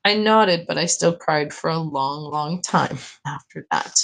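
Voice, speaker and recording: A woman reading aloud from a novel, narrating in an expressive, emotional way. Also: low-pitched, a little slow, gravelly, hardly any pauses, rough recording. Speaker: audiobook reader.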